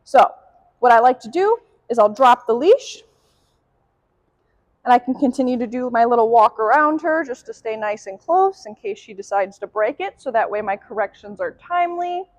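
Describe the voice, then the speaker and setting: A young woman dog trainer calmly explaining leash and obedience drills during a demonstration. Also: moderate pace, no room sound. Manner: calm explanatory, sharp high commands to the dog. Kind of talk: instructional dog training demo.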